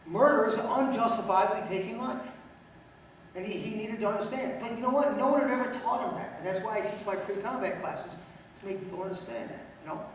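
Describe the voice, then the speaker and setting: A man's voice: sits high, brisk, slight background noise. Blunt storytelling man in an echoey hall. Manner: storytelling, blunt and joking, asks the audience questions. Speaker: speaker. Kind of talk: public talk to an audience. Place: lecture hall. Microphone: far from the mic. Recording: very echoey hall, speaker far off.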